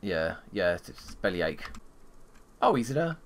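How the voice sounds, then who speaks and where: Male streamer, let's-play commentary, wildly swinging pitch, bright edge, mutters at the game. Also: big pitch swings, measured pace. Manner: mutters asides and talks back to game characters. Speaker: gaming streamer.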